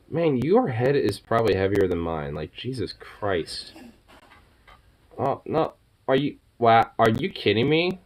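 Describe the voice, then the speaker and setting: A young man chatting affectionately with his dog in teasing baby talk, often yelping up high and laughing. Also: very animated, a little slow. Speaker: vlogger. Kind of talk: casual talk to a pet dog.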